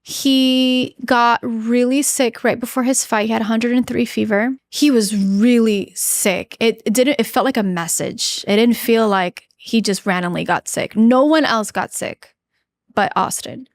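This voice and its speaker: A woman in her thirties, a podcast guest telling a personal story in an earnest, halting way, with many fillers and restarts. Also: on the high side, dry recording. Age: 30s. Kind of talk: candid interview storytelling.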